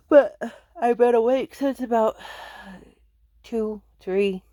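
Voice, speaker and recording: A woman's voice: fairly high pitch, slow pace, warm tone, dry recording, studio quality. A woman chatting casually to her viewers from home, rambling and laughing often. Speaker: vlogger. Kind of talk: casual chat to camera.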